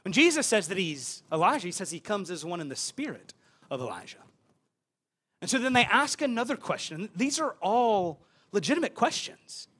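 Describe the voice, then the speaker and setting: A young man delivers a sermon in a notably high voice. He talks the scripture through in a loose, conversational way. He often restarts and repeats words along the way. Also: big pitch swings, moderate pace, bright, forceful tone, slightly rough. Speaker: pastor.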